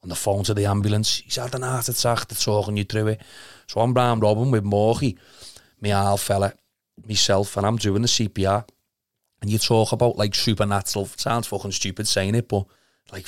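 A man's voice: fairly low pitch, dry recording, clean studio sound. Swearing Scouse man telling a story. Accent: Liverpool (Scouse). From Liverpool, England. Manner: swears a lot, rambling, earnest. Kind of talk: casual chat, emotional storytelling.

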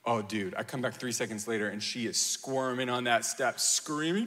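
A man in his thirties preaching a sermon, telling a family story with animated acted-out quotes and self-mocking laughter. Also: mid-range voice, normal speed. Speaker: pastor. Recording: long hall reverb.

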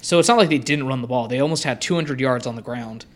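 A man's voice: mid-range voice, fast talker. A man co-hosting a sports podcast, chatting casually about football picks with frequent ums. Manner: relaxed, frequent ums and you-knows. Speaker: podcast co-host.

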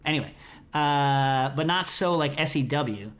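A man's voice: on the high side, lively intonation, measured pace, fairly bright tone. A middle-aged American man hosting a podcast, chatting casually in a rambling, self-interrupting way. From United States. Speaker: podcast host.

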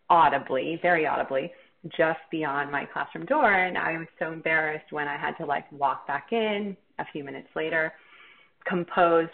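A woman teacher telling a personal story in a candid, reflective, self-deprecating way. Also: low-pitched. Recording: tinny phone-like line.

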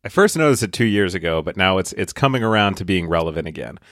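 A man co-hosting a comedy podcast, telling a story slowly and with overly precise detail. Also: sits low, expressive, fairly bright tone, no echo, clean studio sound. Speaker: podcast co-host. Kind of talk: casual comedy podcast chat.

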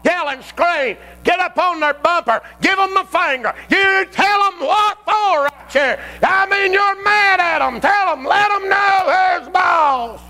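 Preacher putting on a whiny bossy flesh voice. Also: male voice, very high-pitched, expressive, unhurried, gravelly, long reverb tail, a faint crowd, a little hiss or hum, voice pushed up, heavily acted. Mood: angry. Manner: whiny, bossy, loud demands. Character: greedy, shouting human flesh demanding its cravings.

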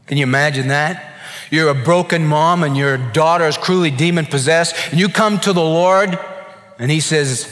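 A man preaching a sermon as a pastor, swinging from hushed to loud as he acts out voices from Bible stories. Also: on the high side, moderate pace. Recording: long reverb of a large hall.

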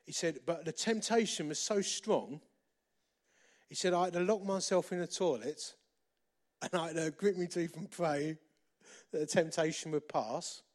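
A middle-aged man preaching a sermon, repeating phrases for emphasis and moving between loud and hushed delivery. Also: on the high side, moderate pace, long pauses. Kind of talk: sermon with storytelling.

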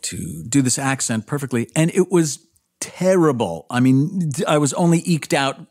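A man's voice: medium pitch, expressive, moderate pace, a little mellow, dry recording, clean studio sound. A man co-hosting a podcast, speaking earnestly in casual chat. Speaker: podcast co-host.

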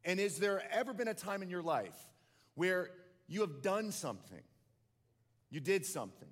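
A male pastor preaches a sermon, telling a story and then pressing his listeners with passionate questions. His voice sits fairly high. A long reverb from a large hall follows his words. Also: sing-song, normal speed.

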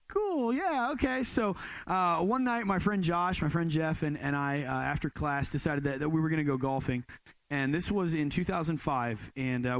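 A young man preaching in a laid-back, storytelling way, stumbling and restarting often as he jokes about himself. His voice sits a little high with a gravelly fry. The sound is close and dry, with no room echo. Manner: casual storytelling, self-deprecating, many restarts. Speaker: pastor. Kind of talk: sermon.

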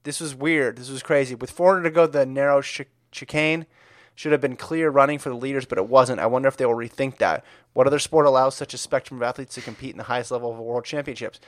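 A man's voice: medium pitch, fairly even intonation, quick pace, dry recording. A man co-hosting a running podcast, reading listener emails aloud with dry joking asides. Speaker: podcast co-host.

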